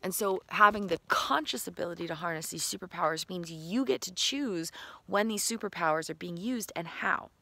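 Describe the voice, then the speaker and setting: A woman's voice: on the low side, normal speed, bright, forceful tone, no echo. A woman giving an enthusiastic, playful motivational talk to camera as a self-help vlogger. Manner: enthusiastic, breathy and playful, laughing often.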